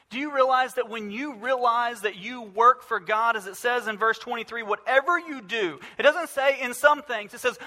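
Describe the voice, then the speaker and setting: A man's voice: extremely high pitch, moderate pace, few pauses, sharp tone, long reverb tail. A male pastor preaching a sermon, emphatic, with repeated phrases and rhetorical questions.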